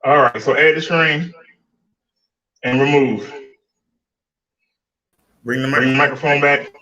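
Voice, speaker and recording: Chatty man with a bright voice. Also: mid-range voice, fairly even intonation, unhurried, roomy sound, highs cut off. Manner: chatty, laughing, talks to viewers and his bike. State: out of breath. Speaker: fitness and e-bike vlogger. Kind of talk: casual vlog demo.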